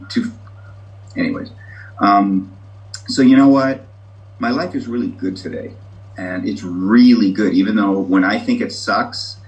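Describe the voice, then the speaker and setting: A man's voice: on the low side, highs cut off. Brief: man, self-mocking and candid, sharing his story on a video call. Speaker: meeting member sharing. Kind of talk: recovery meeting share.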